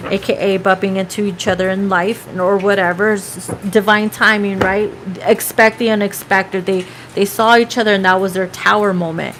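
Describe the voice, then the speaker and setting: A woman's voice: medium pitch, background noise. A woman giving a casual tarot reading, chatty and profane, now and then breaking into snatches of song. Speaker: tarot reader.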